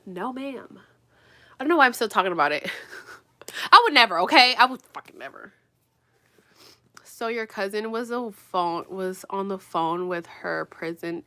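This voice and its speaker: A young woman vlogging while getting ready, talking bluntly and with lots of swearing, swinging between loud outbursts and low mutters. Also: normal speed. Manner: animated, blunt and profane, drops to mutters. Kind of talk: casual get-ready-with-me rant.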